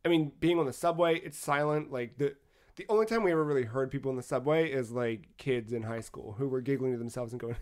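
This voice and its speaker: A man co-hosting a podcast, telling a travel story in a casual, animated way with frequent swearing. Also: mid-range voice, fast. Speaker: podcast co-host.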